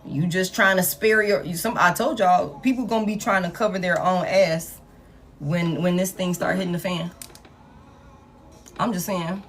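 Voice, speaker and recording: A woman, giving a live tarot reading in blunt, profane, animated street talk. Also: on the low side, moderate pace. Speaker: tarot reader.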